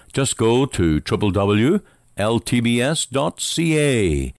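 Animated preaching man, dry studio sound. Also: fairly low pitch, no echo. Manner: dramatic rhetorical questions, swooping intonation. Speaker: pastor and radio host. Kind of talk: radio sermon and program sign-off.

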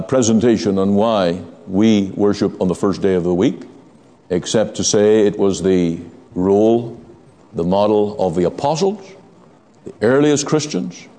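A male preacher delivers a sermon, his voice sitting at an ordinary middle pitch. He slows down to hammer key phrases and lifts in emphasis as he presses his points. A long reverb trails behind him, as in a church sanctuary. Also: darkish tone. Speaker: pastor.

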